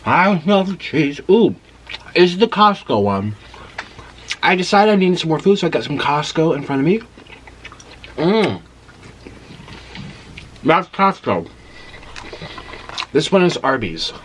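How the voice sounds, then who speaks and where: A man's voice: on the high side, sing-song, slow, pauses often, slight background noise. A man hosting a mukbang at home late at night, chatting casually to camera while chewing and eating between words. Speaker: mukbang host.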